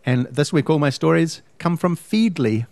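A man's voice: on the high side, expressive, moderate pace, creaky, darkish tone, no echo. Man, podcast co-host, emphatic pedantic ranter, dry recording. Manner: ranting, emphatic, pedantic about words. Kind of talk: casual chat.

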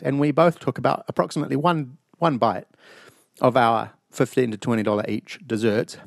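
A New man hosts a loose podcast conversation, swearing freely and acting out his stories with lively energy. His voice has a gravelly edge and sounds dry and close, with no room around it. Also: mid-range voice, quick pace, no echo. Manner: profane, animated storytelling. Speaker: podcast host. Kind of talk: casual chat. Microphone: online call mic.

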